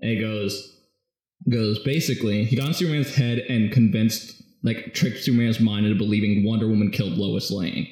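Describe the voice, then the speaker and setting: Man, lowish voice, casual animated storytelling, very echoey room. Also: moderate pace. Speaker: podcast co-host recapping a comic. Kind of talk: casual chat.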